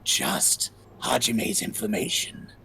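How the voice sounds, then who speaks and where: A woman reading game dialogue aloud, voicing an eerie young man who giggles as he schemes, with a slow, drawn-out delivery and wild pitch swings. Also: pushed and bright, a little hiss or hum. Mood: smug.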